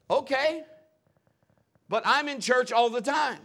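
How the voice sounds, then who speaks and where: A middle-aged pastor preaches to his congregation, trading sermon points for funny personal stories. His high voice rings bright and forceful, and at normal speed he talks like an animated storyteller who enjoys a joke.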